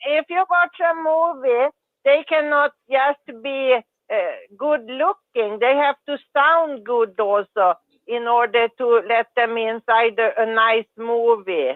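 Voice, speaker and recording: A woman's voice: a little high, slow, dry recording. A woman chatting casually in a group call, hesitant and searching for words. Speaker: caller in group chat. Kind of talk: casual chat. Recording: tinny dry phone line.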